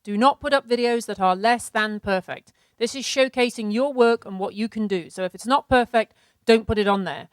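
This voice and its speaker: A middle-aged woman walks a seminar audience through practical business advice in a brisk, organized, businesslike way. Her voice is smooth and resonant and sits a little high. The sound is dry. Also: no echo. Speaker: seminar co-presenter. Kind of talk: instructive business presentation.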